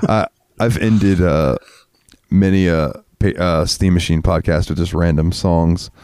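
A low-voiced man co-hosting a podcast, rambling loosely and crudely and laughing often. He sounds a bit stoned. The recording is dry and close. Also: fairly even intonation, a little slow, a little mellow, clean tone, no echo. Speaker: podcast co-host. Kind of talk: casual chat.

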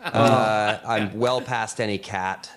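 A man's voice: lowish voice, fairly even intonation, takes it slowly, a crowd in the background. A man joining a podcast as a guest, chatting casually and telling self-mocking jokes and anecdotes. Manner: joking, self-mocking storyteller.

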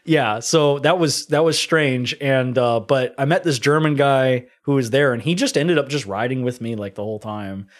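A man's voice: medium pitch, moderate pace, hardly any pauses. A man telling rambling stories in a casual podcast chat, often acting out other people's lines. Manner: rambling storyteller, mock accents. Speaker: guest drifter.

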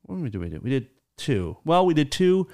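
A man's voice: a little high, sing-song, fast, warm tone. A middle-aged man hosting a podcast, chatting casually with loose jokes and free swearing. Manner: loose and joking, swears freely. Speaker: podcast host. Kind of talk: casual comedic chat.

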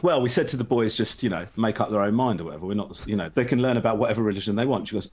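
A man's voice: medium pitch, very animated, very fast, few pauses. A man, telling stories in casual chat, self-mocking and often laughing.

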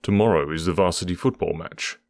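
A man voicing a brisk, sharp-witted male detective with a measured, probing, dryly ironic delivery. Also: low voice, dry recording.

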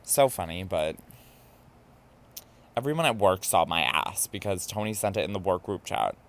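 Man, lowish voice, campy, animated, casual storytelling, podcast host. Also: moderate pace. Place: New York.

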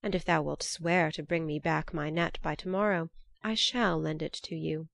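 A woman's voice: low-pitched, steady tone, moderate pace, creaky, fairly bright tone, no room sound, clean studio sound. A woman reading the lines of a cold, stern queen of the sea in a myth, in formal, archaic speech.

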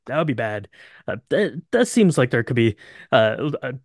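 A man's voice: mid-range voice, big pitch swings, moderate pace, dry recording, clean studio sound. A man co-hosting a podcast, casually recapping a film with many fillers and restarts. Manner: rambling, frequent fillers and restarts. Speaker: podcast co-host. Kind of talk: casual movie recap chat.

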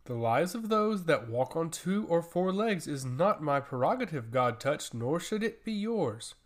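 A man playing a cold, calm high priest who speaks in a dismissive, condescending way. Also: a little slow.

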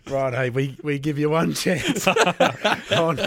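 A man's voice: a little high, lively intonation, slow pace, creaky, a bit bright. A man hosting a casual podcast chat, jokey and upbeat, with plenty of fillers. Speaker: podcast host.

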